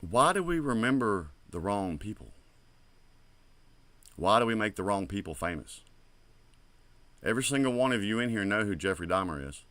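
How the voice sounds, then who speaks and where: A man's voice: fairly low pitch, very animated, normal speed, pauses often, fairly bright tone, dry recording. A man hosting a music reaction show, talking casually and rambling with frequent swearing as he comments on a track.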